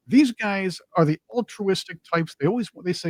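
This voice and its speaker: A man's voice: sits high, animated, moderate pace, few pauses, a little mellow, no echo. Mocking emphatic man, dry sound. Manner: mocking, emphatic, repeats words. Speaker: co-host. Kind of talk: casual political chat.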